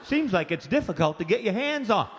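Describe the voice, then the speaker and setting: A man's voice: sits high, very animated, brisk. A man from Maine with a Maine accent, doing rowdy, profane stand-up comedy, telling stories with acted-out voices. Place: comedy club stage. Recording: live club set with echoing reverb and faint room noise.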